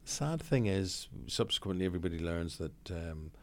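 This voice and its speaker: Brief: Northern Irish broadcaster in his 60s, raconteur, deep and gravelly. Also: moderate pace. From Northern Ireland. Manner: lively raconteur, blunt, swears freely. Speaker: guest, broadcaster. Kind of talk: anecdotal storytelling in conversation.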